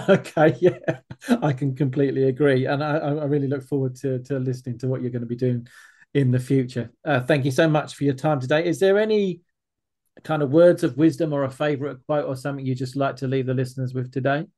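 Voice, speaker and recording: A male podcast host interviews a guest in an easy, relaxed manner. He laughs often and keeps his responses short. His voice is at an average pitch and comes through a filtered podcast mic. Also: brisk.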